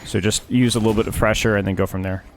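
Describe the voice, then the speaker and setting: A man's voice: on the low side, steady tone, fast talker, faint music behind. A man coaching a player through a gameplay replay, emphatic and often repeating his points several times. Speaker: game coach.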